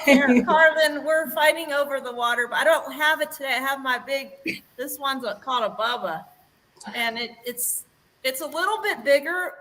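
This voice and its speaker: A bubbly woman chatting on a livestream video call, her voice high and bright. She laughs often and gets emotional easily as she tells stories. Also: poor audio. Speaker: livestream co-host. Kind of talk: casual livestream chat.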